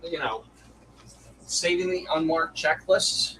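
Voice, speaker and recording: A man's voice: fairly high pitch, slow pace, very noisy. A man chatting as a guest on a card-break livestream, laughing easily and talking while he digs through his boxes. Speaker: stream guest. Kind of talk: casual livestream chat.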